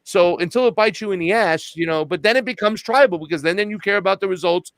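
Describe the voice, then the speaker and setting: A man in casual chat, telling a story with lively quoted dialogue. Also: sits high, fast talker, vocal fry, no echo. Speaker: podcast host and activist guest.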